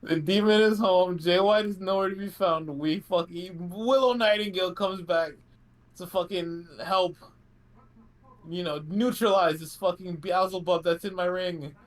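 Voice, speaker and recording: A man's voice: high-pitched, measured pace. A man co-hosting a casual wrestling podcast chat, ranting in a sarcastic, profane way. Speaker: podcast co-host.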